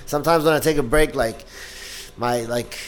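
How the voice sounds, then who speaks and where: A man who does open-mic comedy, talking in a casual podcast chat with a raspy voice and a profane, animated way of telling stories. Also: mid-range voice, moderate pace, soft background music.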